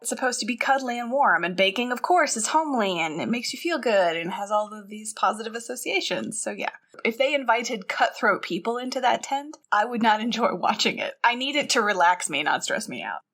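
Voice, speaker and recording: A woman's voice: on the high side, lively intonation, a little fast, hardly any pauses, fairly bright tone. A woman co-hosting a podcast, chatting casually, riffing on jokes and laughing often. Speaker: podcast co-host. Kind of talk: casual chat.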